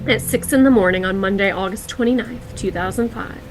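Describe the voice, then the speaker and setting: A woman co-hosting a podcast, reading scripted true-crime narration in a measured way. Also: medium pitch, noisy background. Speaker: podcast co-host.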